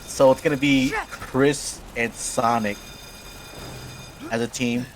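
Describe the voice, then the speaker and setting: A man's voice: medium pitch, fairly even intonation, slow, slight background noise. A young man hosting a gaming video, chatting casually and giggling while he rambles through a made-up story. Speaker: host.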